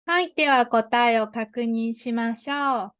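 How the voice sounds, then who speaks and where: A Japanese-accented woman tutor speaks with a fairly high voice, patiently modelling short phrases for learners to repeat. Her voice sits close and dry, with no room sound around it. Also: a little fast, fairly bright tone, dry recording. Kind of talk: grammar lesson.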